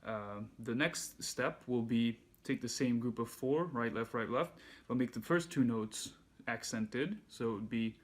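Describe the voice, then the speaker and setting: A man giving a handpan lesson, calmly explaining and counting beats aloud. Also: mid-range voice, measured pace. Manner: relaxed, patient explaining, counts beats aloud while playing. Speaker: handpan teacher. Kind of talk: music lesson instruction. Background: handpan music.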